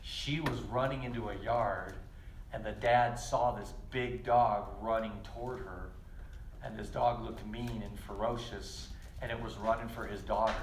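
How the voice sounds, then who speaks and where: Lively man teaching kids in an echoey room. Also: fairly low pitch, measured pace, a little hiss or hum. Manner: lively, storytelling, addresses kids directly. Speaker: children's pastor. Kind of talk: kids' church teaching. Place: church kids' room. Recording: echoey room with faint ambience.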